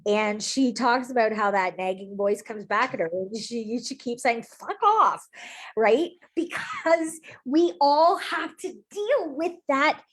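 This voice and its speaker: A woman's voice: fairly high pitch, animated, unhurried, few pauses, breathy edge. A woman co-host chatting casually on a video call, affirming and chiming in with agreement. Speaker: co-host of a coaching group.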